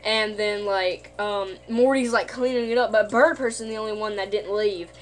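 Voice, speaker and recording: A woman's voice: medium pitch, fairly even intonation, normal speed, slight background noise. A woman casually retelling a cartoon's plot in a rambling way, full of fillers and self-corrections. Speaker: video host.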